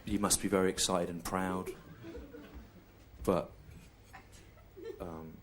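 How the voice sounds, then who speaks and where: A middle-aged English man doing a stand-up comedy routine, deadpan and laid-back with lots of repetition. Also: low voice, slow, very noisy. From England.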